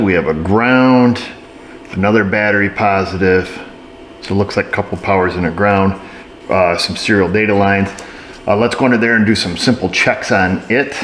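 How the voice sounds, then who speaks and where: A man's voice: lowish voice, fairly bright tone, a little hiss or hum. A man working as an auto repair technician, narrating casually while he diagnoses a truck and tossing dry, joking asides to viewers. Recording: roomy shop echo.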